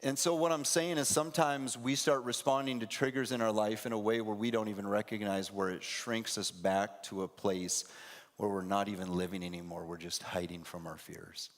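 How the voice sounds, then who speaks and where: A male pastor giving a lively sermon in a church, acting out scenes in different voices. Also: on the low side, normal speed. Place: church sanctuary. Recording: echoey church hall.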